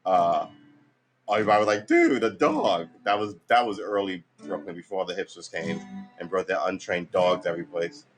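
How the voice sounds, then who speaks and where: Tired and freshly awake, a man rambles casually through a story while practicing guitar, swearing easily and trailing off with loose fillers. His voice is low and level, and he talks a little fast.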